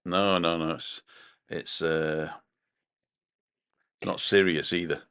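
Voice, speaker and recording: A man's voice: sits low, steady tone, takes it slowly, a bit bright, smooth, no echo, studio quality. A man co-hosting a casual live stream from his balcony, rambling chattily and reading out viewer comments. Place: home balcony.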